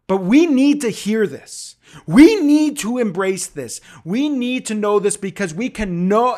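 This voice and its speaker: Animated, high-voiced preaching man. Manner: emphatic, conversational preaching. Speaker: pastor. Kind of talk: sermon. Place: outdoor church service in a park.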